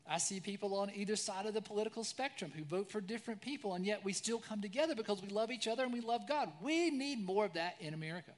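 Talking fast with few pauses in a high voice, a male pastor in his forties delivers a sermon. He keeps it conversational with frequent "right?" tag questions, moving from lively stories to quiet reflection.

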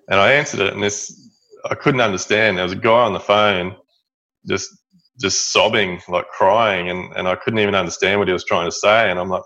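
A middle-aged Australian man telling a story as an interview guest, halting, with many fillers and restarts. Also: low-pitched, steady tone, pushed and bright. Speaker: guest, building business owner. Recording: dull lo-fi audio.

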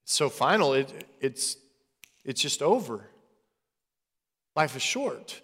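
A man's voice: mid-range voice, very animated, slow pace, pauses often, fairly bright tone, slightly rough, in a large hall. A man preaching a sermon as pastor, earnest and conversational.

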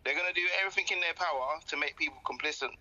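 A man's voice: a little high, very fast, pushed and bright, dull audio. A man chatting casually on a podcast, laid-back, slangy and outspoken. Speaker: podcast co-host. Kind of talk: casual chat. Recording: noticeable background hiss.

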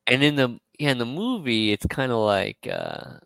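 A man co-hosting a casual podcast, retelling a story in a rambling way, full of fillers and quick quoted asides. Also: medium pitch, huge pitch swings, gravelly, fairly bright tone, clear, resonant tone, no room sound, poor audio. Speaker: podcast co-host.

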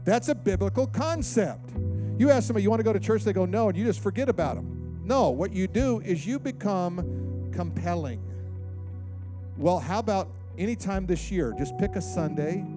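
A pastor preaching a sermon in an animated way, acting out the voices of the people he quotes. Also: high voice, normal speed, music in the background.

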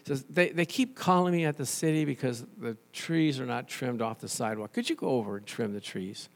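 A man preaching a sermon as pastor, animated and conversational, telling stories and restarting phrases. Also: mid-range voice, a little fast.

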